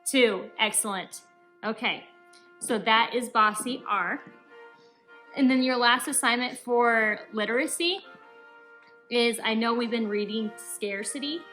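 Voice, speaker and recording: A woman's voice: on the high side, bright, forceful tone, rough recording. A young woman teacher giving upbeat, encouraging instructions to young children in a recorded remote lesson. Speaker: elementary school teacher.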